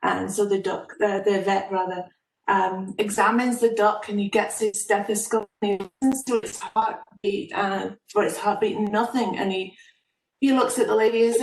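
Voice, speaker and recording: A woman's voice: mid-range voice, steady tone, normal speed, darkish tone. A woman telling a joke at a club meeting over a video call, chatty and hesitant with fillers. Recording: roomy, distant from the mic.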